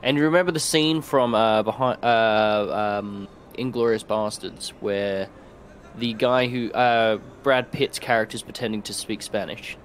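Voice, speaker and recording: A man's voice: fairly low pitch, fairly even intonation, measured pace, slight background noise. Guy at a tabletop game, rambly, lots of uh and um. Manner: rambling, searches for words. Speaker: player. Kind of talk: casual tabletop game talk.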